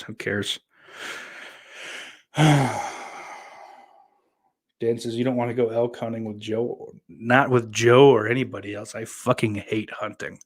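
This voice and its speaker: A creaky, lowish male voice belongs to a podcast host from New York who has a Southern accent. He reads comments from listeners and riffs on them profanely, sardonically and at rambling length.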